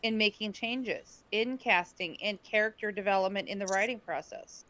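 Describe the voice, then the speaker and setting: A woman's voice: medium pitch, moderate pace, bright, forceful tone. A woman co-hosting a podcast, pushing back earnestly with hesitant restarts in casual talk. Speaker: podcast co-host. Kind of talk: casual discussion.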